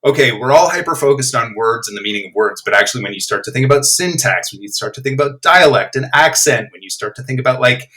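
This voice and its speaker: A man's voice: mid-range voice, lively intonation, quick pace, hardly any pauses, pushed and bright, poor audio. A man guesting on a podcast, thinking aloud about language in an enthusiastic, reflective way. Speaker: guest, playwright. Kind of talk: casual podcast discussion.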